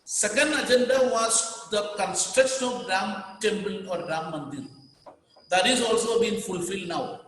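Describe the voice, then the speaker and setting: A man's voice: high-pitched, unhurried, a bit bright, a little hiss or hum. Indian man teaching in an echoing room. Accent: Indian English. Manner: explanatory, repeats key words for dictation. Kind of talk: classroom lecture. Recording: very echoey, reverberant room.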